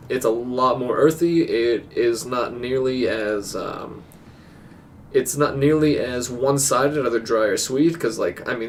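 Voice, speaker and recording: A man's voice: medium pitch, far from the mic, slight background noise. A man co-hosting a casual podcast, rambling through his thoughts with many ums and restarts. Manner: rambling, filler-heavy, stops and restarts. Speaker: podcast co-host. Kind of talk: casual chat.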